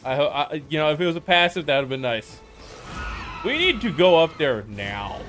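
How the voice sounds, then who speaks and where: A man streaming a co-op game, in casual, joking banter with quick callouts. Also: fairly high pitch, very animated, fairly bright tone, faint music behind.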